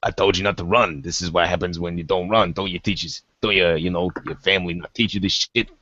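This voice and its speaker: A callous gangster woman with a low, bright, hard voice, done by a man at the gaming table. She swaggers through every line, profane and menacing. The sound is dry and a bit muffled. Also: steady tone, quick pace, dry recording. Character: foul-mouthed tough street gangster woman, callous. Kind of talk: tabletop role-play in character. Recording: slightly muffled.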